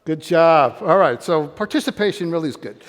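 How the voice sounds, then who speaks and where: An older man with a fairly high voice delivers a lively motivational talk, firing questions at his audience and urging them to join in. His voice rings with a long hall reverb, as if in a large room. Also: moderate pace. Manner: energetic, quizzes and calls out to the audience. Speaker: motivational speaker.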